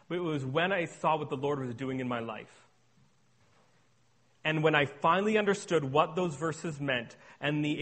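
Earnest man giving a sermon testimony. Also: fairly high pitch. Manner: earnest, shifts between hushed and emphatic. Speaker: speaker on addiction recovery.

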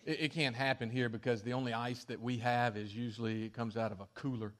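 A man preaching a sermon, telling the story with lively shifts in volume and acting out quoted lines. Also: medium pitch, quick pace. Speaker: pastor.

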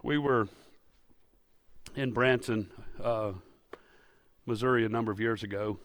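A man preaching a sermon in a church, folksy and storytelling, rising to loud emphatic peaks. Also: mid-range voice, fairly even intonation, measured pace, slight background noise. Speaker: pastor. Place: church sanctuary.

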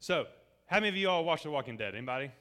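Male preacher, bright and forceful tone, casual storytelling sermon to a congregation, acts out quotes. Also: fairly high pitch, racing. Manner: lively, acts out quoted dialogue. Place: church service before a congregation.

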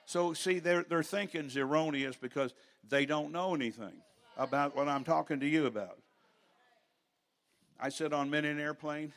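An older man preaching a sermon in a church, telling stories with rambling asides and rising to loud preaching at times. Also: on the high side, moderate pace.

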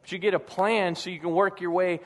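A man with a fairly high voice preaches to his congregation in a relaxed, conversational way. He tells personal stories and acts out the people in them. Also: brisk. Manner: conversational, animated storytelling with acted-out quotes. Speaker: pastor. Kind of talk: sermon.

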